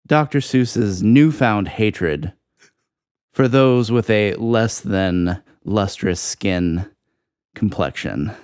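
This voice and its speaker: A man co-hosting a podcast, giving a mock-serious explanation in a dry, ironic, deliberate way. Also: on the low side, expressive, a little mellow, smooth, no echo. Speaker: podcast co-host. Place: podcast studio.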